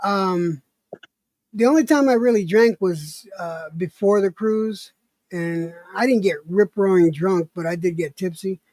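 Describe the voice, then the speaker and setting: A man with a high voice trades laughing, profane banter with a friend on his stream. The sound is dry and close, with nothing of the room. He stays loose and teasing the whole time. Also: a little slow, a little mellow, dry recording. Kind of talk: casual chat.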